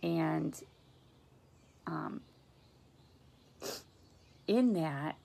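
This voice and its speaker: An earnest woman talking casually about faith and dreams to her viewers. Her voice sits low and has a gravelly, husky edge. She moves easily between personal chat and reading scripture aloud. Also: drawn-out words, dark tone. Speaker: faith video host.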